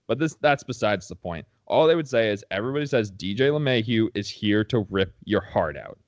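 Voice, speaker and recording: A man co-hosting a sports podcast, talking in an animated, opinionated way as a fan. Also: fairly low pitch, fairly quick, hardly any pauses, dry recording. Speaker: podcast co-host. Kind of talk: casual sports podcast chat.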